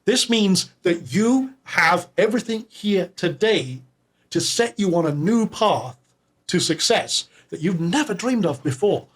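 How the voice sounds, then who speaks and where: A man hosting a live online webinar, upbeat and salesy, reading names from the chat and pitching to viewers. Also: expressive, measured pace. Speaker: webinar host.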